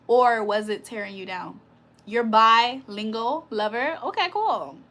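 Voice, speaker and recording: A woman's voice: a little high, lively intonation, unhurried, a bit bright. A woman hosting a casual livestream, reading viewer comments aloud, teasing them and laughing often. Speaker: livestream host.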